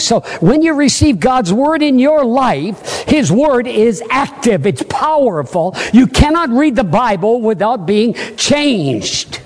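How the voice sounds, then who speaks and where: A man's voice: very high voice, big pitch swings, slow pace, few pauses. A man preaching a sermon, emphatic and rising to fervent peaks, asking the congregation questions. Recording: long hall reverb.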